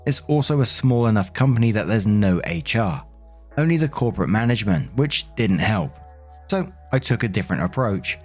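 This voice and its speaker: A man reading online posts aloud and commenting on them in a calm, matter-of-fact way. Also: lowish voice. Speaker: story reader and host.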